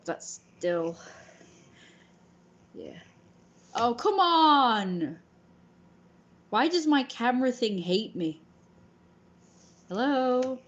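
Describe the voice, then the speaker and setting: A woman's voice: on the low side, lo-fi sound. A woman chatting on a casual livestream, joking in a playful royal persona, rambling, answering chat aloud and swearing freely.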